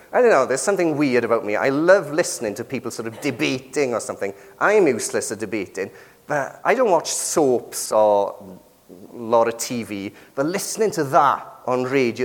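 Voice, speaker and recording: A middle-aged man with a British accent preaching a sermon in a conversational way, often asking the congregation questions. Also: mid-range voice. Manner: conversational, asks the congregation questions with frequent tag questions. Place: church. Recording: long reverb of a church hall.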